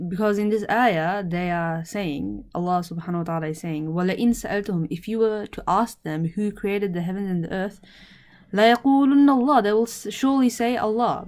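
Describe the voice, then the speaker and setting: A woman teaching Arabic grammar in English, speaking slowly and deliberately and repeating each word with its meaning. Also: on the low side, darkish tone.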